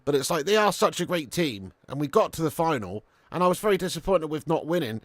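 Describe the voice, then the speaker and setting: A man's voice: on the high side, fast talker, no room sound. A young man chatting through a live football watch-along, swearing, bantering and reading viewer comments aloud. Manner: animated, sweary banter, reads chat aloud.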